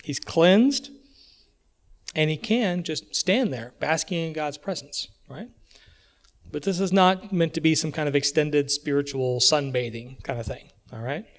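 A man with an American accent delivers a church sermon in a relaxed, conversational way. He keeps pausing to check in with the congregation. His voice sits slightly high for a man. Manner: conversational, checks in with frequent "okay?". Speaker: preacher.

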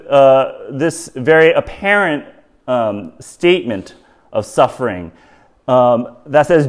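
A man preaching a sermon, halting, with many fillers and restarts and rhetorical questions to the audience. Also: medium pitch.

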